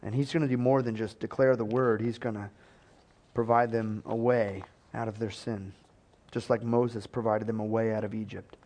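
A man's voice: on the low side, level tone, normal speed, darkish tone. Man preaching a casual storytelling sermon. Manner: conversational storytelling, acting out quoted voices, chuckles.

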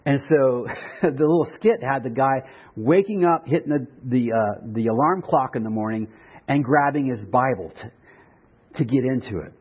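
A man preaching a sermon in a relaxed, conversational way, with restarts and light humor. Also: medium pitch, moderate pace, slightly rough, muffled recording. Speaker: pastor.

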